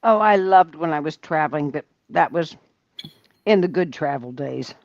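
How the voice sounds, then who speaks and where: Older lady from ohio, slow easygoing chatter, lowish voice, dull dry stream sound. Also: animated, dry recording. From Ohio, USA. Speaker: livestream co-host reading chat. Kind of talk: casual livestream chat.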